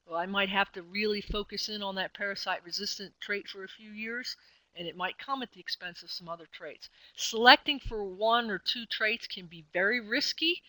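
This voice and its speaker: An extension specialist presents a webinar, her mid-range voice bright and forward. She teaches conversationally, often pausing on fillers and correcting herself. The audio is dry and close with no room sound, and the recording quality is low.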